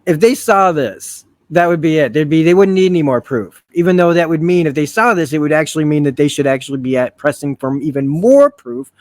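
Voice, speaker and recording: A man's voice: on the high side, animated, fairly quick, few pauses, a little mellow, dry recording. A man hosting a casual review, thinking aloud with many restarts and frequent swearing. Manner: rambling, profane, with self-correcting restarts. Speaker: video essay host.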